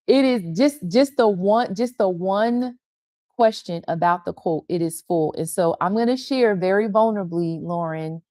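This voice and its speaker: A woman's voice: mid-range voice, a little slow, mellow, dry recording, clean studio sound. An older woman pastor giving a tender, confessional devotional talk on a livestream, repeating phrases for emphasis. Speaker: pastor and women's ministry leader. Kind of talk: heartfelt devotional teaching on a livestream.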